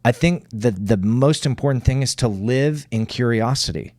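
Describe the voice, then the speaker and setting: An earnest man talks through a podcast in casual chat, reflective and blunt, with plenty of swearing. He keeps checking in with his listener by tagging "right?" onto his points. His voice sits at an ordinary middle pitch, recorded close and dry. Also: normal speed, a little mellow, no room sound. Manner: earnest, swears freely, leans on "right?" tags. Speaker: podcast co-host.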